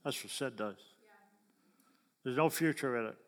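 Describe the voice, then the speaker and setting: A man's voice: mid-range voice, moderate pace. A man preaching a sermon in a folksy way, often asking his listeners questions. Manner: folksy, asks the crowd questions. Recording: long hall reverb.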